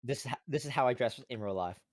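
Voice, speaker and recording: A man's voice: mid-range voice, fast talker, darkish tone, dry recording. A man who is a guest on a casual stream, joking, making puns and laughing along with the host. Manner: playful, punning, laughing. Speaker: VTuber guest.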